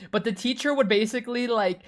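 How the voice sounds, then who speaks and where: A young adult woman streaming, chatting casually with her viewers in a slangy, animated way full of swearing and fillers. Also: fairly high pitch, fast.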